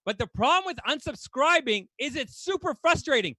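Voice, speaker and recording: High, bright-voiced exasperated man comedian. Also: animated, normal speed, no room sound. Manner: exasperated, ranting delivery; swears casually. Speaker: stand-up comedian. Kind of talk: stand-up comedy set.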